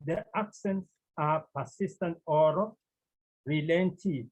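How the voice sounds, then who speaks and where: Male Greek teacher with a slightly high, husky voice and a slow, repetitive classroom delivery. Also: darkish tone. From Cameroon. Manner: slow, deliberate, repeats key words, clears throat often. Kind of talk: classroom lecture. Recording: dull lo-fi recording.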